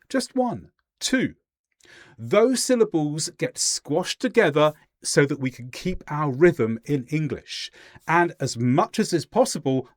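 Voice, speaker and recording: A man teaching English pronunciation in a clear, deliberate lesson voice, demonstrating example sentences slowly. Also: on the high side, no room sound, clean studio sound. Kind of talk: scripted lesson narration.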